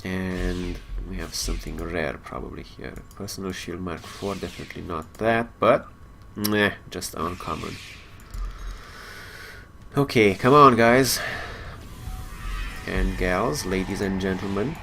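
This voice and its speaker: A man's voice: sits low, unhurried, gravelly, bright, forceful tone, soft background music. A man hosting a casual let's play, joking and rambling as he plays. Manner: jokey and rambling, chuckles at his own jokes. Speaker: gaming channel host.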